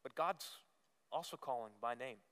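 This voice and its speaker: Man preaching in a church, bright clear voice, long echo off the walls. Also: medium pitch, normal speed. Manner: earnest preaching with repetitions and emphatic rises. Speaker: pastor. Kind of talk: sermon. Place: church sanctuary. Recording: long reverb of a church hall.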